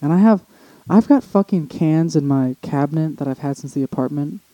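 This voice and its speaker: A man's voice: a little high, fairly quick, dark tone, no room sound, poor audio. A young man co-hosting a podcast in casual chat, rambling and restarting often, swearing casually. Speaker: podcast co-host.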